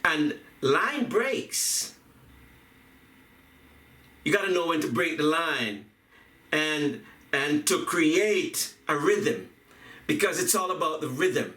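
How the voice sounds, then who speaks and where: A man giving a reflective talk on poetry and music, speaking deliberately, repeating phrases and chanting rhythms aloud. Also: a little high, very animated, sharp tone. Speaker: video essayist on poetry and music. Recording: echoey room, voice from a distance.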